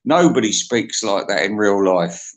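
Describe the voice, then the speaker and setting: A man's voice: lowish voice, animated, measured pace. A man hosting a video, delivering a crude, mocking comic rant. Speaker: video host.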